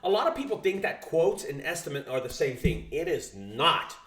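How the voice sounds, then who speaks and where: A man's voice: a little high, big pitch swings, moderate pace, a bit bright. A man who runs a junk removal business, teaching sales in a casual, profane, storytelling way. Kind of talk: casual teaching talk to camera.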